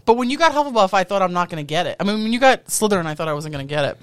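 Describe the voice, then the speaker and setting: A woman's voice: medium pitch, expressive, rapid-fire, smooth, dry recording. A woman co-hosting a casual podcast chat, giggly and teasing. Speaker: podcast co-host.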